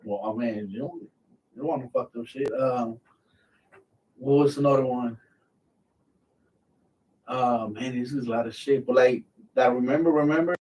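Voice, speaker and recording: A man's voice: mid-range voice, normal speed, long pauses, a little mellow. Veteran man host, casual profane storyteller, heard from a distance. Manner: profane, rambling with many fillers.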